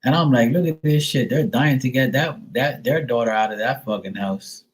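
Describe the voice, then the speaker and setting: A man's voice: medium pitch, normal speed, rough recording. A middle-aged man hosting a live stream, telling a rambling story to viewers, swearing often and full of fillers. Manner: profane, rambling, filler-heavy; mimics others in a raised voice.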